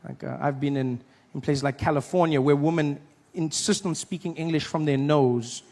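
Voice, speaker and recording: A man's voice: fairly high pitch, moderate pace, darkish tone. Man riffing through a stand-up set. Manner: chatty, riffing. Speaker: stand-up comedian. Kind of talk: stand-up comedy.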